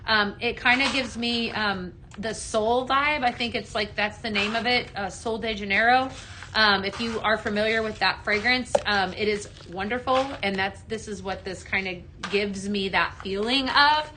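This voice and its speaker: A woman's voice: on the high side, normal speed, pushed and bright, a little hiss or hum. A woman hosting a live shopping stream, chatty and gushing, with many fillers, talking while she moves around handling products. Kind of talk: live sales stream chat.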